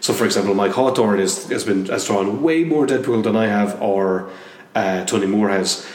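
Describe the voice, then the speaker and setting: Guest spot: soft-spoken man, fairly low voice, halting delivery with many restarts, picked up from a distance in a roomy space with long reverb. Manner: hesitant, many restarts and fillers. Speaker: comic book artist guest. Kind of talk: casual interview conversation. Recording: roomy echo, distant mic, faint noise.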